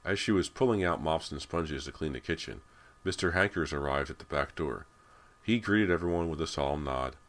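Super deep male voice reading an audiobook, slow and deliberate. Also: fairly bright tone. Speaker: audiobook narrator. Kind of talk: audiobook narration.

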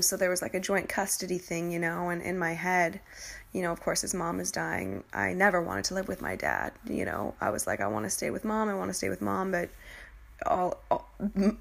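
A young woman telling a painful personal story in a candid, emotional way, swearing freely and often halting and restarting. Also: lowish voice, creaky.

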